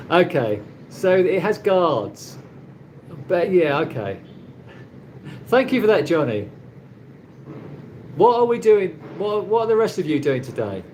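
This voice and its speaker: A man's voice: sits high, very animated, takes it slowly, pauses often, a little mellow, slight background noise. A man from England, hosting a rambling casual live chat with viewers from his condo, laughing often. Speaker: livestream host. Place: condo in the Philippines.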